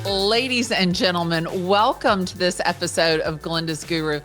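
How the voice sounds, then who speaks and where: A woman with a Southern US accent hosts a casual interview, chatty and excitable as she tells a story. Her talk runs lively and animated, with plenty of fillers and restarts. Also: fairly low pitch, moderate pace, faint music behind. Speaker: podcast host.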